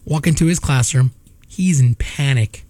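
A man hosting a radio show, telling a family story in casual chat with lively restarts. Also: medium pitch, unhurried, no room sound. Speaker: radio host.

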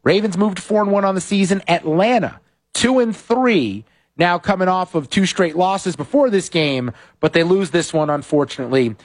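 Opinionated high-voiced sports podcast host. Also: male voice, moderate pace. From West Coast of the United States. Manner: animated, opinionated, critical of coaching. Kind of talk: football recap and betting commentary.

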